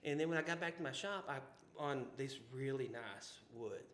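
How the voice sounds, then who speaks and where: This co-host's medium-pitched voice is a bit bright and moves at a moderate pace. With his Southern US accent, he tells loose, folksy stories in relaxed podcast conversation, often restarting, adding asides, and saying "you know." The sound has a roomy echo over faint background ambience.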